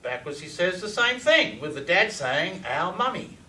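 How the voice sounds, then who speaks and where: A man giving a lively presentation to an audience, often asking them questions. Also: high-pitched, normal speed. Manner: enthusiastic, asks the audience questions. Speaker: lecturer on reverse speech. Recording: echoey room, distant mic, faint noise.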